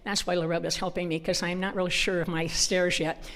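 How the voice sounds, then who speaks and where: A woman's voice: on the low side, fairly quick. A middle-aged woman speaking at a church conference, telling humorous stories and acting out the voices in her dialogue. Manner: animated storyteller acting out dialogue. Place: church hall. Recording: long hall reverb.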